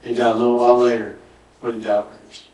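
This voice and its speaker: A man's voice: medium pitch, level tone, fast, mellow. Man, pastor, sermon, repeats for emphasis, echoey church, distant mic. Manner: storytelling, quoting dialogue with emphatic repetition. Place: church sanctuary.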